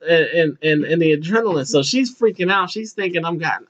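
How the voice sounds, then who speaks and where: A man's voice: a little high, expressive, brisk, fairly bright tone. A man in his thirties hosting a podcast, telling a long personal story casually, laughing often, restarting sentences and acting out voices. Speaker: podcast host. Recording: muffled lo-fi podcast audio.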